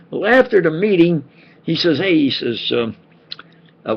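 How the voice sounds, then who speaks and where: An older man with a deeply gravelly, husky voice tells a rambling personal anecdote, circling back with fillers and restarts. His pitch swings widely as he slips into the voices of the people in his story. The sound is dull and lo-fi, like a cheap home recording. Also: big pitch swings, normal speed. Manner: meandering, many fillers and restarts. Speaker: vlogger.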